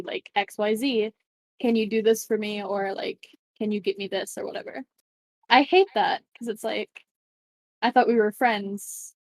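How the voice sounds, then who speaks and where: A woman's voice: mid-range voice, a little mellow, dry recording. A woman chatting on a podcast, candid and blunt, with lots of "like" fillers. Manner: candid, blunt, uses "like" a lot. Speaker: podcast co-host. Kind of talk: casual podcast chat.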